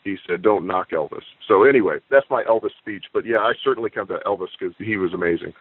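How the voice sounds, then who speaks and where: A man guesting on an interview, a comic book writer telling stories in a relaxed, reflective way. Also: fairly low pitch, fast, husky, no echo. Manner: storytelling, leisurely and reflective. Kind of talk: casual interview chat. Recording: tinny phone-line audio, dry.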